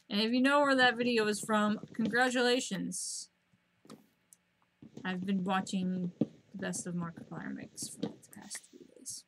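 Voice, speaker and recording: A woman streaming a game at home, chatting to herself in a rambling, casual way and breaking into excited squeals at the animals. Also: noisy background. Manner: rambling, self-talking, bursts of high squeals at animals.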